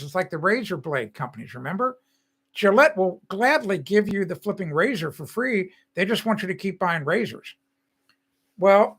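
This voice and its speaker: An older man with a high, bright voice hosts a casual live stream. He talks in a chatty, rambling way, full of opinions and restarts. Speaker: host.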